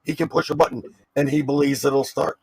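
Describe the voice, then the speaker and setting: A man's voice: mid-range voice, little pitch movement, brisk, darkish tone, rough recording. A man from Washington D.C. in a casual, profane debate chat, teasing the others, then asking long questions. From Southeast Washington D.C.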